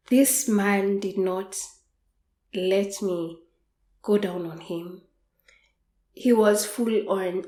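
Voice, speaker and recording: A woman podcast host telling a frank, unhurried story in a candid monologue, with soft laughs. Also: mid-range voice, fairly even intonation. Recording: roomy echo.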